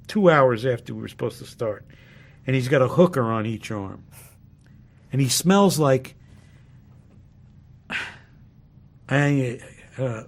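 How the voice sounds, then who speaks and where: Gravelly man rambling through a story. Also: mid-range voice. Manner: rambling, relaxed, many fillers. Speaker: sitcom cast member recalling a shoot. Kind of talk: anecdotal interview storytelling.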